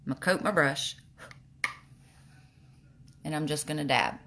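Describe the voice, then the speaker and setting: A woman's voice: low-pitched, a little slow, bright, forceful tone, a little hiss or hum. A woman with a slight lisp, chatting casually while showing makeup on a livestream. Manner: chatty, reads viewer comments aloud.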